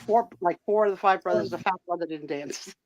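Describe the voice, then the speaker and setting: A woman's voice: on the low side, a little fast, dry recording. A woman hosting a live sale and chat, telling stories in a chatty way and laughing often. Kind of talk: casual chat. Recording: dull, dry lo-fi sound.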